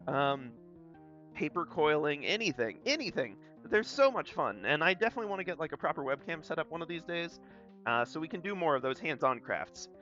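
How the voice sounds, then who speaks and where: Bright-voiced young man with a Southern twang. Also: on the high side, expressive, brisk. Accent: Southern US, light. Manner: rambling, self-deprecating, folksy. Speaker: art streamer. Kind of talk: casual chat while drawing. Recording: slightly dull sound, faint guitar music.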